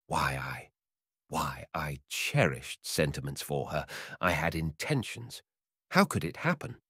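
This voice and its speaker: Brief: male reader doing a timid young barber in a storybook, tearful and pleading, high cries over a low base voice. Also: animated, a little slow, a bit bright, slightly rough, no room sound, clean studio sound, full character voice. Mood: shocked.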